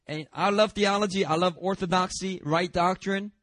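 Guy pastor preaching, kinda high voice, chatty and jokey about himself, dry close sound. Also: moderate pace, dry recording. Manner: lively and conversational, with asides and laughter; confrontational, self-deprecating humor. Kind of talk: sermon.

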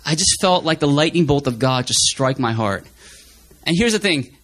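Earnest man preaching, slightly high voice. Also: expressive, moderate pace, fairly bright tone. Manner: earnest, chatty, repeats phrases. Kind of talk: storytelling sermon.

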